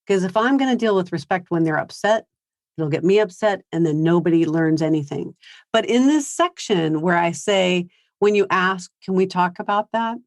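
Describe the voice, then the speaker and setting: A woman's voice: lowish voice, moderate pace, dry recording. Chatty woman giving a parenting seminar, dry sound. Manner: conversational, acts out quotes of teens and parents. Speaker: parenting speaker. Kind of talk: seminar talk. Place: high school seminar.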